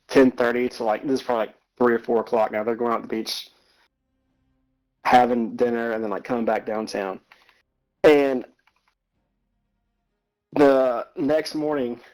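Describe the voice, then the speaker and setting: A man's voice: medium pitch, a little mellow, low-quality recording. A man chatting casually with a friend, telling rambling stories full of swearing and filler words. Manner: rambling storytelling, heavy swearing, lots of "like". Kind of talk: casual chat over a game.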